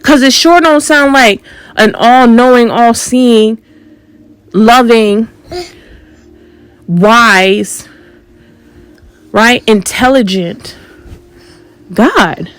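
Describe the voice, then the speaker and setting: A woman's voice: on the high side, very slow, pauses often, clean tone, dry recording, poor audio. A woman hosting a spiritual channel, speaking in an unscripted monologue that is confrontational and full of emphatic rhetorical questions.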